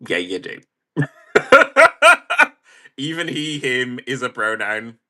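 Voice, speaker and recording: A man's voice: medium pitch, animated, normal speed, sharp tone. A man hosting a livestream in a casual, wry manner, chatting and reacting to viewer comments. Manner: chatty, wry, reads chat aloud and laughs. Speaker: livestream host.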